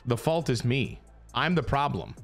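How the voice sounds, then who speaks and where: A man's voice: medium pitch, sing-song, normal speed, vocal fry, soft background music. A young man giving casual, self-mocking commentary while playing a football video game, swearing often. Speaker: gaming YouTuber.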